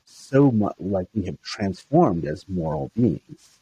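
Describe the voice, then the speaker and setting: A man's voice: lowish voice, very animated, slow pace, creaky, mellow, breathy edge. A man who is a minister, talking in a reflective interview, hesitant and thoughtful, with frequent restarts and fillers.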